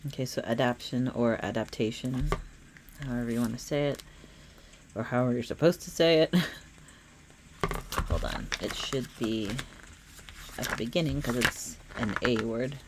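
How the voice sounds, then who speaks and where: A woman with a low voice reads tarot cards for her viewers in an earnest, emphatic way, repeating key phrases. Faint outside noise sits behind her. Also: normal speed, pauses often. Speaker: tarot reader. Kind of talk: spiritual tarot reading to camera.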